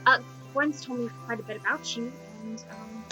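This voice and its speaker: A woman voicing an eager young female mage who leads a magical association, speaking in a bubbly, excitable way with many fillers. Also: a little high, moderate pace, faint music behind, rough recording. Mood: excited.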